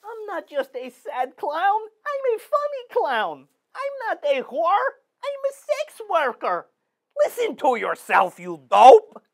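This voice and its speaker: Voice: very high-pitched, huge pitch swings, slow pace, few pauses, fairly bright tone, heavily acted. Performer doing a grumpy ghost of a horror host, phone call, fake French accent, swooping voice. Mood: scolding. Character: cranky ghost of an old male horror host.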